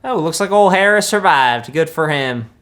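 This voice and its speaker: A man's voice: a little high, expressive, normal speed, fairly bright tone, faint music behind. A young man, playing a boastful country-boy wizard who reacts to films in a laid-back, rambling drawl full of folksy asides. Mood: smug. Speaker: comedic film reactor. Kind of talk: deadpan comedic reaction.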